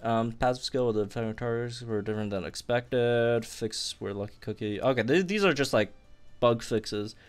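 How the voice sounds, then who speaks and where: A young man giving excited commentary on a game update, bursting into squeals and laughter as he talks to viewers. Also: medium pitch, normal speed, clean tone. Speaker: gaming youtuber.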